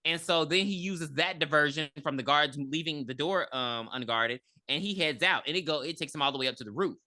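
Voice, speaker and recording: A deep-voiced woman talks fairly quickly as a podcast co-host, retelling a movie's plot during a relaxed review chat. She brings the characters' lines to life with her own voicing and laughter, with no room sound audible.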